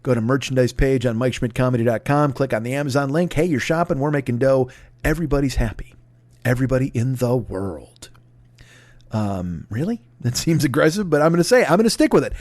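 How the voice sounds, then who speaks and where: A man's voice: medium pitch, lively intonation, fairly quick, darkish tone, no room sound. A man in his forties hosting his own podcast, rambling through plugs with self-deprecating, profane asides, recorded on a dry close mic. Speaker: podcast host. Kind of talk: casual solo podcast plugs.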